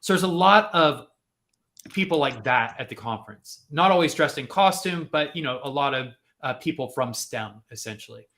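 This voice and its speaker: A man on a podcast telling a personal story in a casual, animated way, acting out the people he quotes. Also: a little high, normal speed. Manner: animated, acts out quotes with lots of fillers. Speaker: podcast host.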